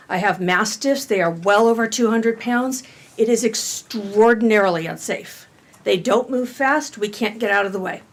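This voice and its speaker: A woman's voice: mid-range voice, a bit bright. A middle-aged woman giving an earnest, firm public comment at a board meeting. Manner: earnest, firm, reads a passage aloud.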